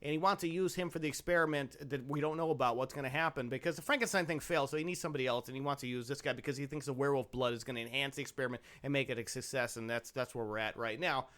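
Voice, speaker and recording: A man's voice: medium pitch, rapid-fire, hardly any pauses, a bit bright. A man hosting a podcast, giving snarky movie commentary and laughing often. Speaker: podcast host.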